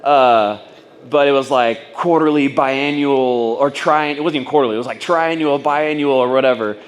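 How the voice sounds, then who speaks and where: In a medium pitch at a normal speed, a man speaking at a business training event recounts a personal story for the business owners in the room. He rambles casually, using lots of fillers and acting out other people's lines.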